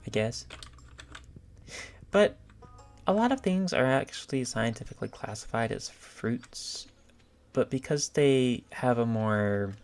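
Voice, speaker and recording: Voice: mid-range voice, expressive, slow pace, pauses often, a little mellow, soft background music. A gaming channel host giving casual let's-play commentary, rambling and thinking aloud with filler words.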